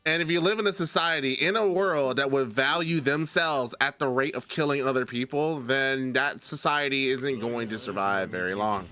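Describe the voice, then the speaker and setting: A man's voice: mid-range voice, moderate pace, few pauses, pushed and bright. A man streaming live, chatting casually and arguing a point with his chat, addressing viewers by name.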